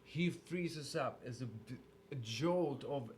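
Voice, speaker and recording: A man from Sweden with a Swedish accent, a guest telling stories in a casual interview in an animated way. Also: mid-range voice, takes it slowly, slight background noise. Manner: animated storyteller with restarts.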